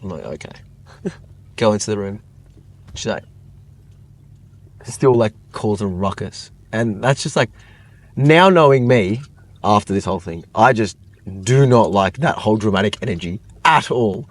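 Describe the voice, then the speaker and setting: Guest: young guy, lowish voice, rambling storyteller, heavy on "like". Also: measured pace, long pauses. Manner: rambling, lots of "like", animated retelling. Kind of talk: casual storytelling chat.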